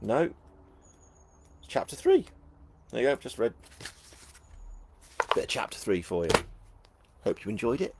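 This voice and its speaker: A man's voice: medium pitch, very animated, measured pace, vocal fry, long pauses, a little mellow, slight background noise. A middle-aged man with a Northern English accent, chatting casually as he reads out viewer comments at a live book launch, jokey and self-deprecating. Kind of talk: casual live-stream chat reading comments.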